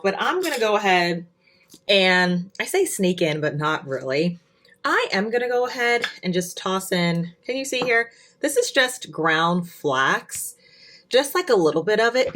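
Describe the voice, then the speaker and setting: A woman's voice: on the low side, fairly bright tone. A woman chatting casually through a cooking vlog in her home kitchen, peppering her talk with fillers. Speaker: food vlogger.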